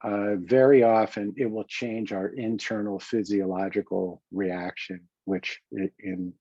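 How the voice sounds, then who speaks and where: Calm low-voiced man coaching. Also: breathy edge, dry recording, highs cut off. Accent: New York. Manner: calm, reflective, with frequent fillers and restarts. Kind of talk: self-help teaching talk.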